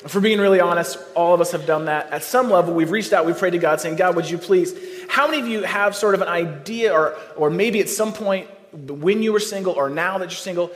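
Joking pastor in a reverberant hall. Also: male voice, high-pitched. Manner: joking, conversational, quick asides to the crowd. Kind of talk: sermon. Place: church hall.

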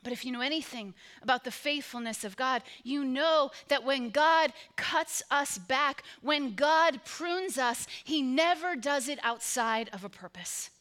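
Woman, pastor, sermon, emphatic repetition, high-pitched. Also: measured pace, hardly any pauses, a bit bright. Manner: emphatic, repetitive preaching cadence.

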